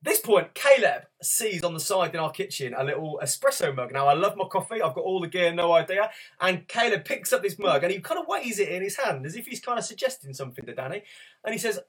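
A man's voice: high voice, very animated, a little fast, fairly bright tone, slightly rough. A man in his thirties preaching a sermon, telling stories and moving into rhythmic rhyming spoken word. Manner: storytelling, rhythmic rhyming delivery.

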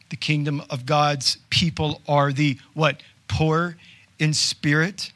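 A male pastor preaching a sermon in a conversational way, asking rhetorical questions and tossing in quick asides. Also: a little high, pushed and bright.

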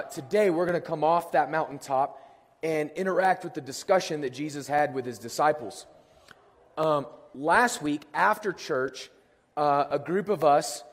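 A man with a hoarse, worn-out voice preaching a sermon, telling self-deprecating stories with jokes. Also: on the high side. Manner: self-deprecating storytelling, lively and joking. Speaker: pastor. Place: church sanctuary. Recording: long hall reverb.

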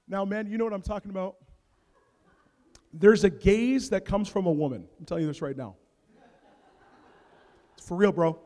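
A man in his thirties, a pastor preaching and telling a comic family story with big swings in loudness. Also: high-pitched, normal speed, pauses often. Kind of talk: sermon. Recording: long reverb of a large hall.

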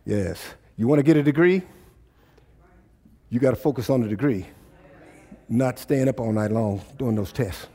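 A man preaching a sermon in a call-and-response style, often climbing into loud exhortation. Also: mid-range voice, normal speed, pauses often, breathy edge. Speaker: pastor.

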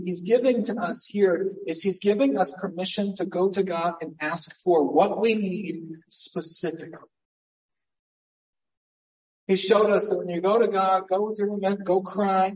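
A man's voice: sits high, distant mic, rough recording. Male pastor mid-sermon, casual and emphatic by turns, heard from a bit off the mic. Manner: conversational preaching, swings between emphatic and hushed.

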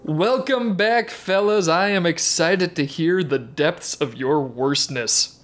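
A man's voice: fairly high pitch, slow. A man hosting a comedy podcast, upbeat and laughing often. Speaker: podcast host.

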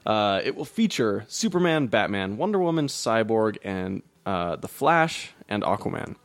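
Low-ish dude cohosting a podcast, dry mic, cracks jokes and laughs a lot. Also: male voice, big pitch swings, measured pace, no room sound. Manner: joking, laughs often, reads news items aloud. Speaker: podcast co-host. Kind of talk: casual podcast chat.

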